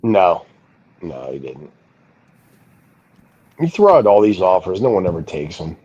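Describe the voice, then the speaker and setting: A man's voice: deep voice, big pitch swings, unhurried, dark tone, husky, dull audio. A man in casual chat, blunt and crude in an offhand way. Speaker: stream host.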